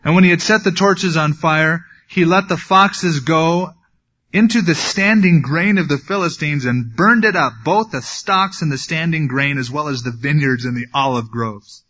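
A man's voice: on the high side, normal speed, pushed and bright, highs cut off. A man preaching a sermon, reading scripture and adding wry, conversational asides. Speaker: pastor.

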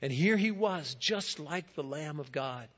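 A man, a guest speaker in a church, giving a first-person dramatic monologue in a storytelling manner, swelling loud and then dropping quiet. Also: a little high, expressive, measured pace. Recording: dull lo-fi recording.

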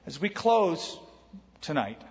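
A man preaching as pastor speaks in a slightly high voice with big swings in pitch, keeping a conversational tone with the room and dropping in brief quoted lines. The recording sounds somewhat dull and carries a long reverb tail from a large church sanctuary.

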